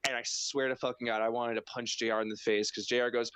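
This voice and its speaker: A man co-hosting a casual wrestling podcast, talking in a loose, profane way and acting out reactions in high mock voices. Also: flat delivery, quick pace, a bit bright, clear, resonant tone, no room sound. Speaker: podcast co-host.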